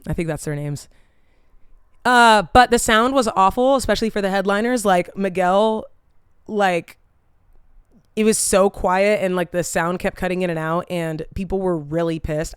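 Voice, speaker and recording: A woman hosting her own vlog, telling a story in a casual, animated way, swearing freely and saying "like" a lot. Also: on the low side, moderate pace, clean tone, no echo, clean studio sound. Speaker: vlog host.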